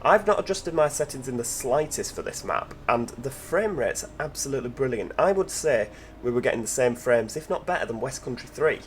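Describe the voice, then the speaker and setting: A gaming channel host with a slightly high voice commentates enthusiastically on a gameplay video while driving, with a little hiss or hum in the recording. He's chatty, full of tag questions, and talks to his in-game passengers.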